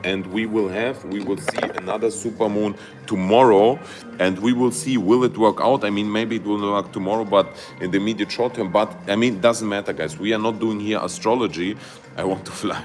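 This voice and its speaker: Low-voiced man streaming live chart commentary. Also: a little fast, soft background music. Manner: excitable, loose grammar, many fillers and "guys". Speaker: crypto livestream host.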